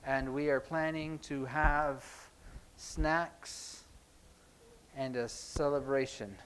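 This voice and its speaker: A man teaching a sign language class in a church classroom, explaining in a relaxed, conversational way with frequent ums. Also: medium pitch, takes it slowly, slight background noise. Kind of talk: classroom lesson.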